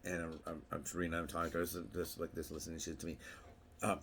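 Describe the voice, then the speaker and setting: बहुत गहरी आवाज़ वाला आदमी, बिखरी हुई बातें. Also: male voice, deep voice, level tone, racing, a bit bright, a little hiss or hum. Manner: rambling, anecdotal, acts out quotes in a raised voice. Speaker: vlogger. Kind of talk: casual monologue to camera.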